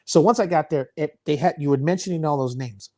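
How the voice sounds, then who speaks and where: A man's voice: a little high, a little fast, mellow. A man, a wrestling guest, telling a long story in an interview, laughing often and restarting words.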